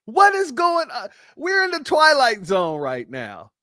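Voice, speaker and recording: A man's voice: extremely high pitch, wildly swooping pitch, a little slow, pushed and bright, dry recording, studio quality. A man hosting a reaction commentary show, mocking and incredulous as he talks back at clips. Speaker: commentary host.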